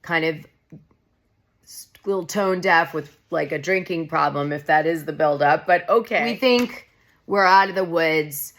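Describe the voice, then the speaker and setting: A woman's voice: low voice, measured pace, fairly bright tone. A woman vlogger recapping a reality show in a casual, chatty, opinionated way, often saying "like". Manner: gossipy, opinionated, heavy use of "like".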